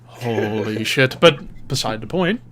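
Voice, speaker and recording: A man's voice: fairly low pitch, takes it slowly. A man co-hosting a casual podcast, retelling a commercial with lots of energy and acting out the people in it. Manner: animated storyteller, acts out quoted lines in loud voices. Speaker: podcast co-host.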